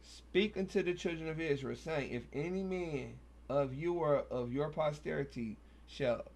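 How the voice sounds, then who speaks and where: A man's voice: fairly high pitch, a little slow, creaky, a little mellow. A man, hosting a casual Bible study, reading verses aloud and then riffing on them in loose, slangy talk. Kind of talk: casual scripture reading and commentary.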